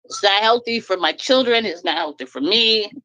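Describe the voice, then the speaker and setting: Woman, middle-aged, blunt, animated, lively pitch swings, dry close sound. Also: normal speed, no echo, poor audio. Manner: animated, blunt venting with laughs. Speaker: live stream guest. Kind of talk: casual chat. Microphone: live stream call.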